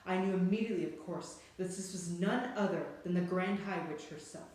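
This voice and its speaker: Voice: mid-range voice, moderate pace. Dramatic storybook reader in an echoey room. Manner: dramatic, hushed and then rising with suspense. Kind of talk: storybook read-aloud narration.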